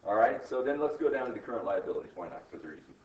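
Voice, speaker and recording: A man lecturing an accounting class, brisk and coaching, firing rhetorical questions at his students. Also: mid-range voice, animated. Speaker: accounting instructor. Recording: echoey classroom, distant mic, dull and lo-fi.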